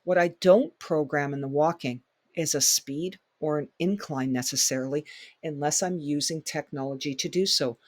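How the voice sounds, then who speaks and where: A man's voice: a little high, moderate pace. A man with a slightly raised voice leads a fitness workshop, pressing his points with emphatic repetition. The sound is dry and close, with no room echo. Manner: emphatic, repeats key points, acts out client reactions. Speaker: fitness instructor. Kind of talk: workshop lecture.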